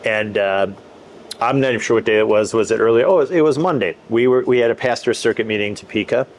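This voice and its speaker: A man's voice: mid-range voice, quick pace. A man who is a pastor and podcast co-host, chatting casually and telling a rambling anecdote with many restarts. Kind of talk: casual chat.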